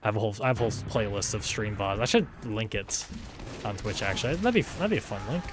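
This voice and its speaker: A young man in a casual solo livestream, talking in a flat, monotone way, rambling, swearing and restarting his sentences. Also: on the low side, fast, music in the background. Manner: rambling, swears often, repeats words and restarts a lot. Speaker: streamer. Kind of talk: casual solo livestream chatter while gaming.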